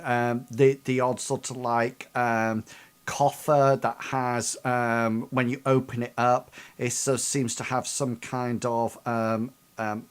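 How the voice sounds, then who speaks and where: A man narrating as game master of a tabletop game over voice chat, hesitant and full of ums. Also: medium pitch. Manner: hesitant, filled with ums and likes.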